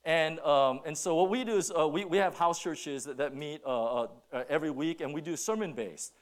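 A middle-aged man preaching a sermon as pastor, telling stories with many restarts and then slowing down to stress his points. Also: fairly high pitch. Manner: animated storytelling with many restarts, then slow emphatic preaching.

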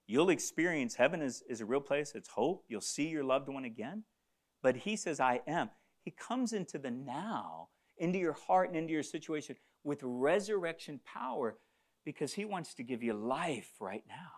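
Impassioned male preacher, lively pitch. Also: normal speed. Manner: preaching with swings from loud fervor to hushed near-whispers. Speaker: pastor. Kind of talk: sermon.

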